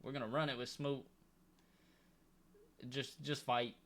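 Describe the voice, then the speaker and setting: A man's voice: mid-range voice, level tone, measured pace, a bit bright. A young man commenting on his own football video game, complaining and begging in a comically exasperated way. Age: young adult. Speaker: gaming YouTuber.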